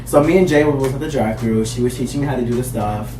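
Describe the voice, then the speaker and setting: A man's voice: mid-range voice, quick pace, dark tone, far from the mic. A young man telling a casual story, rambling and leaning on "like" as he goes. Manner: rambling, heavy use of "like". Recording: roomy, off-mic with faint music.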